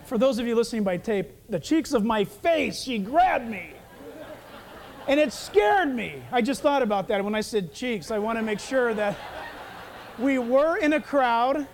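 A man's voice: extremely high pitch, normal speed. A man preaching a sermon as pastor, telling stories and acting out the dialogue. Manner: animated storytelling, acting out dialogue.

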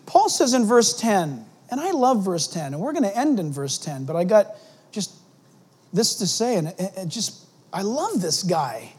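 Animated man preaching a sermon. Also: high voice, moderate pace, slightly rough. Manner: animated, emphatic preaching with rhetorical questions. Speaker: pastor. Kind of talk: expository sermon.

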